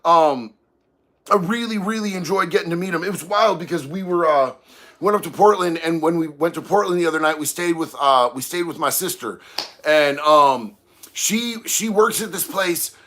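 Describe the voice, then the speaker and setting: A man's voice: fairly high pitch, normal speed, pushed and bright. A man hosting a casual livestream, reading chat aloud and talking in a laid-back, slangy way. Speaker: livestream host.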